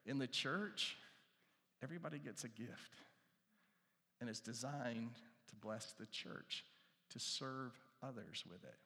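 A male pastor preaching a sermon, animated, repeating key phrases and asking the crowd questions, dropping to hushed asides. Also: mid-range voice, unhurried, pauses often. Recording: long reverb from a large hall.

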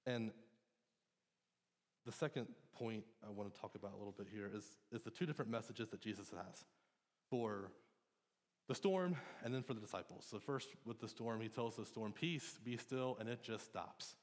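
A man in his thirties, a pastor, delivers a conversational and earnest sermon in a church sanctuary, often restarting and saying "um." His voice sits lowish and moves at a normal speed. The long reverb of the church hall carries through the recording.

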